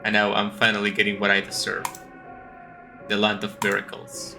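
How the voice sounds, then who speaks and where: A man voicing a brooding man leaving for a world of dreams, reading game lines slowly in a lowered voice. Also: monotone, gravelly, over music. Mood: solemn. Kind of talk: reading game dialogue aloud.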